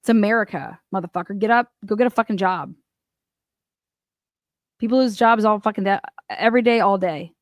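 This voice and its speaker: A woman's voice: mid-range voice, brisk, long pauses, dry recording, clean studio sound. A woman hosting a casual commentary show, reacting to news clips in a blunt, profane and mocking way. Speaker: host.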